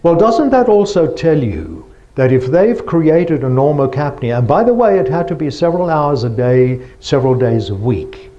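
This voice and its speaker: A man's voice: a little high, big pitch swings, normal speed, few pauses, dark tone, muffled recording. A man giving a lecture presentation, explaining step by step and asking the audience rhetorical questions.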